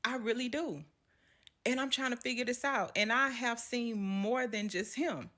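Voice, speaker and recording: Animated woman telling a story. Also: fairly high pitch, a little slow. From Southern US. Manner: animated, laughs often, acts out quotes. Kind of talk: storytime vlog.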